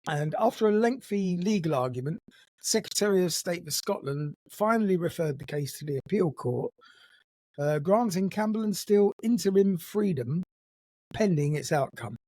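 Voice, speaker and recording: A man's voice: high voice, expressive, normal speed, darkish tone, dry recording. A man co-hosting a podcast, telling a true story in a casual, dry, jokey way. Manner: dry, jokey, puts on gruff voices in quotes.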